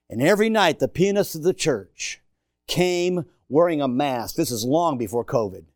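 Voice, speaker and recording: A middle-aged man preaching a sermon in a church, swinging from shouted emphasis to hushed asides and joking with the congregation. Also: medium pitch, dry recording, clean studio sound. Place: church sanctuary.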